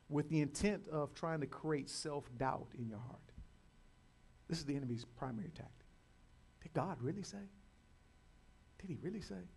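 A male pastor preaching a sermon, swinging from loud declarations to quiet, drawn-out lines and calling the congregation to repeat phrases after him. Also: a little high. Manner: repeats and restarts words.

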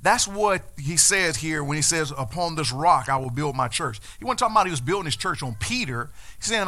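A man's voice: on the high side, animated, a little fast, few pauses, pushed and bright. A man preaching a sermon, explaining scripture and building to emphatic, repeated declarations. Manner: preaching with rising emphasis and repetitions. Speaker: pastor.

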